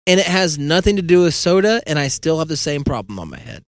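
A man with a slightly raised pitch hosts a casual podcast monologue. He meanders from thought to thought, pokes fun at himself and voices the other people in the story. The sound is close and dry, with no room echo. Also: sing-song, fast. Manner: meandering, self-deprecating, acts out quoted dialogue. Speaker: podcast host.

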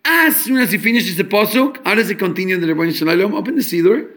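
A man giving an animated Torah talk at a fabrengen, explaining with homely examples and mixing English with Hebrew and Yiddish terms. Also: high-pitched, fast talker. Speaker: Torah teacher. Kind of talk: fabrengen talk on Chassidic teachings.

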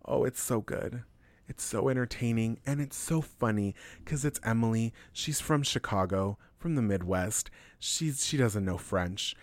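A man's voice: mid-range voice, a little slow, no room sound. An American man co-hosting a podcast, talking in a profane, emphatic, opinionated way. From United States. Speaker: podcast co-host. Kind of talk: casual chat.

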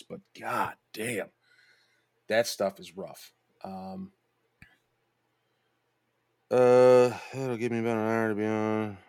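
A man's voice: lowish voice, no echo, studio quality. Profane, rambling young male podcast host. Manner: rambling, profane, laughing, restarts often. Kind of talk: casual storytelling chat.

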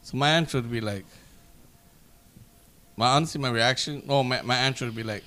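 A man's voice: medium pitch, fairly quick, bright, forceful tone. A young man hosting a casual podcast, reading listener questions and reacting in short, slangy bursts. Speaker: podcast host. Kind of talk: casual chat.

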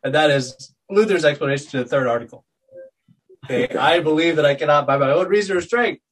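A male podcast co-host who reflects aloud and works through his thoughts. His voice is husky. He sits a little back from the microphone. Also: on the high side, a little fast, recorded from a distance, low-quality recording. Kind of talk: casual podcast discussion.

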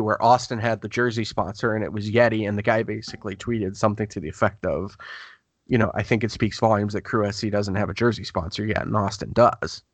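A man's voice: medium pitch, a bit bright, dry recording. A man talking as a guest sports writer in a casual podcast conversation, rambling through stories and acting out quotes as he goes. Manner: chatty, rambling storyteller who acts out quotes.

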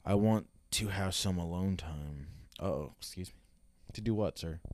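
A man's voice: sits low, moderate pace, darkish tone, no room sound. Young male reactor, snarky and foul-mouthed, rambly asides, dry close sound. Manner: sarcastic, heavy swearing, rambling asides. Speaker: reaction video host. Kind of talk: casual reaction commentary.

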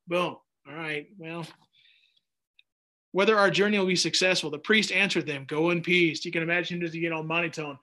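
A man teaching a Bible study in a casual, animated way, reading scripture aloud and breaking in with jokey asides. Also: on the high side, a little fast.

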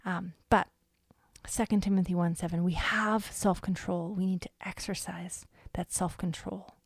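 A woman's voice: fairly low pitch, steady tone, moderate pace, vocal fry, no echo, studio quality. A woman hosting a faith-based devotional podcast, talking in an earnest, conversational way with frequent ums. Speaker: podcast host.

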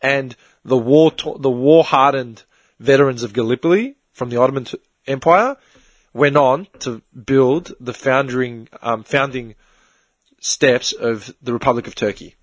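A man's voice: mid-range voice, measured pace, no room sound. A young man in casual chat with friends, telling a long rambling story with lots of swearing and filler words. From Australia.

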